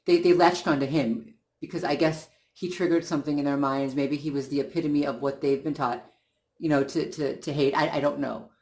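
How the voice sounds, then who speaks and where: Earnest, indignant man, higher voice. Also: steady tone, fairly quick, a little mellow. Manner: earnest and indignant, talking things through with frequent restarts. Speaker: channel host. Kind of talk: casual monologue.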